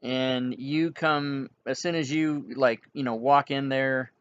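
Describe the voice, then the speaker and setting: A man's voice: mid-range voice, fairly even intonation, takes it slowly, clear, resonant tone, lo-fi sound. A man narrating an online tabletop game as game master, casual and rambling, with many restarts.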